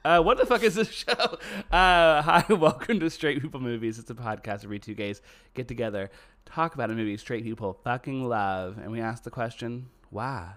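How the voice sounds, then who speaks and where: A man's voice: medium pitch, moderate pace, a bit bright. A man co-hosting a podcast, bantering playfully and laughing often. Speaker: podcast co-host. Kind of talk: casual chat.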